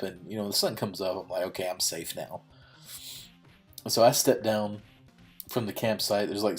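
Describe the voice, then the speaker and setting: Casting note: low-pitched young male gaming host, casual rambling storyteller, laughs a lot, faint game music behind. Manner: rambling, laughs often, many fillers. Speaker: gaming YouTuber. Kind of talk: casual storytelling while playing.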